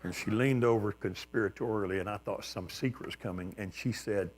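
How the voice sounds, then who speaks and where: An older man, a pastor, telling a personal story in a sermon, reflective and plain-spoken with gentle humor. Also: lowish voice, brisk, few pauses.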